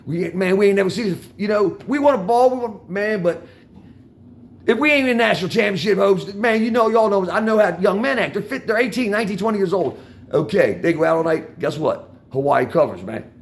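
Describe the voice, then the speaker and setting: A man's voice: high voice, lively intonation, fairly quick, vocal fry. An older man with a Washington DC accent, rambling casually to viewers about betting, swearing freely and dropping "man" and "y'all" into nearly every line. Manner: rambling, profane street talk with constant "man" and "y'all". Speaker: vlogger talking to viewers. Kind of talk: casual storytelling monologue. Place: outdoors on a street corner.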